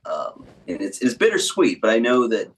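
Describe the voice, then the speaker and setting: A man's voice: lowish voice, wildly swooping pitch, moderate pace, breathy edge. A man appearing as a guest on a comedy podcast in casual chat. He rambles, hesitates and jokes at his own expense. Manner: rambling, hesitant, self-deprecating.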